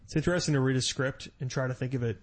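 A male podcast host with an ordinary mid-range voice talks casually in a small studio. He wanders through his thoughts, padding them with "uh" and stopping to comment on himself. The tone is relaxed, offhand chat. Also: medium pitch, racing. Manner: rambling, many "uh" fillers, self-conscious asides.

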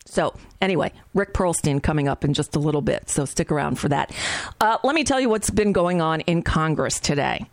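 A woman's voice: deep voice, lively intonation, a little fast, no echo. Chatty, sardonic woman talk show host. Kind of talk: political talk show monologue.

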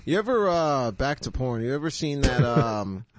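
A man co-hosting a podcast who rambles through a crude story with halting fillers and restarts. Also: mid-range voice, sing-song, background noise. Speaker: podcast co-host. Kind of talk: crude casual banter.

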